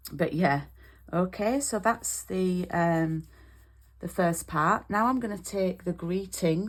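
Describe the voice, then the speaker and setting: A British woman demonstrating card making in an online class, chatty and step by step, checking in with "okay?" as she goes. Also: fairly low pitch.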